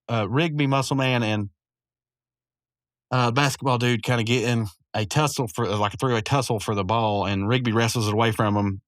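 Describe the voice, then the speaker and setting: A man's voice: mid-range voice, fairly bright tone, no echo, studio quality. A man recapping a cartoon episode in a rambling, casual way, chuckling often and full of fillers. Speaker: podcast host.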